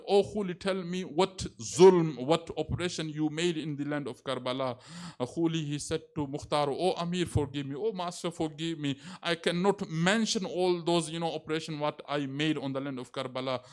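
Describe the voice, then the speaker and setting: A man preaching a religious sermon, telling a story fervently with halting fillers. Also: a little high.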